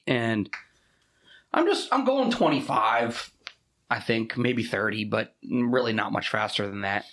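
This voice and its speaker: Animated, profane man telling stories. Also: mid-range voice, measured pace, echoey room. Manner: profane, animated storytelling with laughs. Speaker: podcast co-host. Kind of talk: casual chat.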